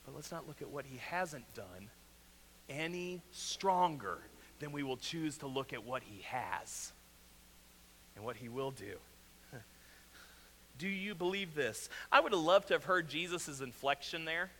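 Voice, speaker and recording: A man with a Southwest Missouri accent preaching a sermon as pastor, earnest, often repeating a question and dropping to a quiet, pressing tone. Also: mid-range voice, animated, a little slow. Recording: reverberant hall, faint hum.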